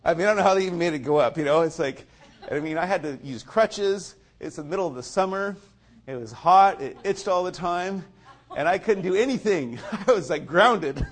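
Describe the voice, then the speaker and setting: A man's voice: sits high, normal speed. A man sharing a personal faith testimony in a casual storytelling way, chuckling often and talking loosely with lots of fillers. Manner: acts out other people's lines in lively quoted voices.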